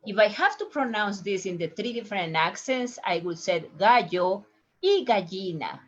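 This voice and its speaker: A woman teacher with a Spanish accent who speaks very slowly and patiently, drilling words over and over. Her English is a little broken, and the recording sounds dull and lo-fi. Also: mid-range voice, sing-song. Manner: patient, repeats each word three ways, slightly broken English. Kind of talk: slow language lesson with repeated pronunciation drills.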